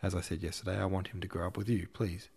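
A man voicing a composed young nobleman who speaks calmly, with a cool, slightly ironic edge. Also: low voice, fast, vocal fry, husky, heavily acted. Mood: restrained. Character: composed young male nobleman, dry and restrained.

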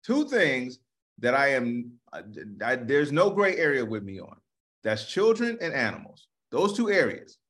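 A man's voice: mid-range voice, big pitch swings, measured pace, a bit bright. A man co-hosting a podcast in casual chat, speaking in a laid-back, rambling way with frequent restarts. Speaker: podcast co-host.

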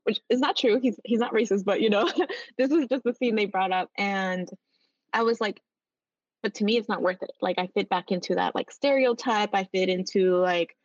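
A woman teacher talking casually as a podcast guest, chatty and full of fillers, lively when she retells her students' words. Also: medium pitch, normal speed, no room sound, highs cut off. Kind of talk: casual interview chat.

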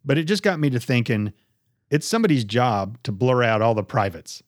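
A man co-hosting a podcast, telling crude jokes in a deadpan, casual way. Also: medium pitch, a little fast, no echo, studio quality. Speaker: podcast co-host. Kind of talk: casual chat.

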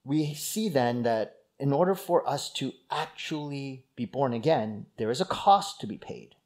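A man's voice: medium pitch, lively intonation, a little slow, darkish tone. A male pastor preaching a sermon in a conversational teaching manner, stressing key words.

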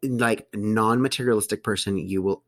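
Low-voiced animated man. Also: moderate pace. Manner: animated, calls people honey. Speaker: podcast guest, host of his own show. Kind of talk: casual chat. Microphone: studio mic.

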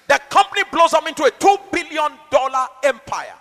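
A male pastor preaching a sermon to a congregation, dynamic and rhetorical, swinging from shouts to soft asides. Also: very high-pitched, wildly swooping pitch, moderate pace, long reverb tail, soft background music.

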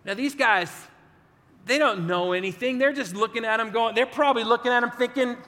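A man's voice: very high voice, fairly quick, sharp tone, big-room sound. A man preaching a sermon in a conversational, storytelling way, acting out quotes as he goes.

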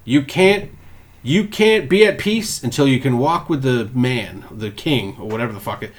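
Profane, animated young man chatting. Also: medium pitch, normal speed. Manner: profane, animated storytelling with put-on quotes. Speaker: podcast co-host. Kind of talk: casual chat.

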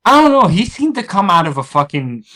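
A man's voice: high voice, brisk. A man co-hosting a casual comic book podcast, reacting bluntly and with plenty of swearing. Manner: blunt, profane, animated reactions. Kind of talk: casual chat.

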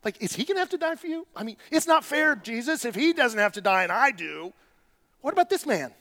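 A man's voice: high voice, big pitch swings, quick pace, bright, forceful tone, full character voice. A preacher voicing a whiny man demanding fairness. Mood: indignant pleading. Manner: pleading, indignant.

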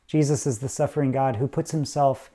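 Man, pastor, sermon, mellow warm tone, relaxed conversational preaching, frequent fillers and self-corrections. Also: medium pitch, a little fast.

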